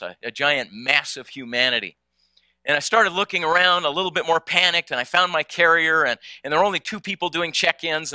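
A man's voice: fairly high pitch, bright, forceful tone, no room sound. A man telling a personal story in a conversational way to an audience, often repeating small words as he goes. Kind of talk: storytelling talk.

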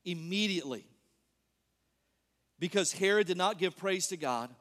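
Man preaching a sermon, high voice, lively and joking, long hall reverb. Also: unhurried. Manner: animated, joking, asks the congregation questions. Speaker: pastor.

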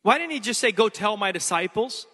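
A man's voice: sits high, expressive, brisk, bright, forceful tone, big-room sound. A man preaching a sermon as pastor, emphatic and repeating key phrases.

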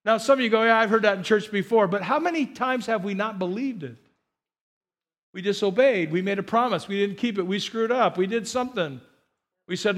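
High-voiced animated male pastor. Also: normal speed, pauses often. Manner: animated, repeats phrases, coaxes the congregation to respond. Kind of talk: sermon. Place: church.

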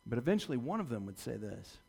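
A man preaching a sermon, retelling a story dramatically and swinging from loud to hushed delivery. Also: mid-range voice, sing-song, fast talker, vocal fry, breathy edge. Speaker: pastor.

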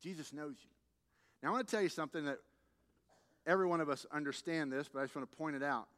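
Pastor, male, slightly high voice, chatty sermon delivery with playful repetition, long hall reverb. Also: racing, a bit bright. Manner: conversational preaching with playful repetition.

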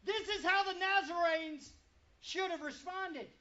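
A pastor preaching a sermon to a congregation, full of rhetorical questions and swinging between loud and quiet. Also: extremely high pitch, measured pace. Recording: dull lo-fi recording.

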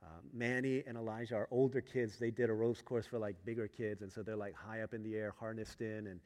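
A man preaching a sermon, telling a family story that swings from hushed asides to loud, emphatic moments. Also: fairly low pitch, little pitch movement, a little fast. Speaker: pastor. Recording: long reverb of a large hall.

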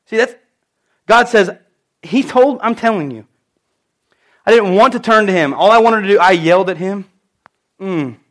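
A man's voice: high-pitched, animated, normal speed, long pauses, a bit bright. A man in his thirties preaching a sermon, telling personal stories in an emphatic way.

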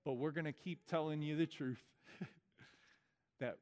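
A man's voice: on the high side, fairly even intonation, slow. Man leading a baptism liturgy. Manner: warm, informal asides between formal liturgy. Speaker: pastor. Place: church sanctuary. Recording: reverberant church hall.

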